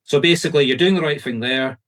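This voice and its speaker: A man with a Scottish accent working as a medium, giving fast, insistent, reassuring readings to a group over a video call. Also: a little high, a bit bright. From Scotland.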